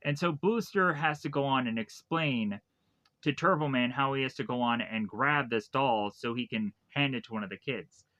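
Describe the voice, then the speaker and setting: A man's voice: medium pitch, normal speed, fairly bright tone. A man reviewing a movie, casually retelling the plot in a rambling way with lots of repeated phrases. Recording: dull lo-fi dry recording.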